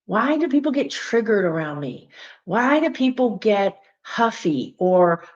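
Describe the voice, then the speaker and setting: A woman with a Southern US accent, a spiritual teacher talking casually and emphatically to her viewers, with lively asides. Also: mid-range voice, a little slow, dull audio. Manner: animated, emphatic, chatty with frequent asides. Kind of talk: casual direct-to-viewer talk.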